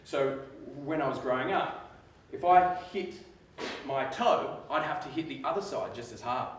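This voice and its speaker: A young adult man with an Australian accent, talking to students in a school theatre in a lively, joking way. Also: mid-range voice. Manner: lively, joking, drawn-out emphasis. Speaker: speaker at a school assembly. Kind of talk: live talk to students. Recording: echoey theatre, mic far off.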